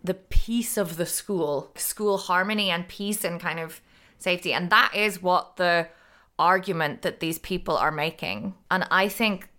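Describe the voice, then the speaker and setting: A woman's voice: lowish voice, a little slow, pushed and bright. A woman with a Northern Irish accent, a teacher co-hosting a podcast, ranting passionately about the news. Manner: impassioned, ranting. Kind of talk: casual chat about news.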